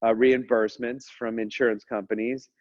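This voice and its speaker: An energetic man hosts a casual podcast, talking fast and joking as he wanders off on tangents. His voice sits at a middle pitch and comes through a dry, close mic. The sound is a little dull, like compressed podcast audio. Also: no room sound. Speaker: dental practice business coach, podcast host.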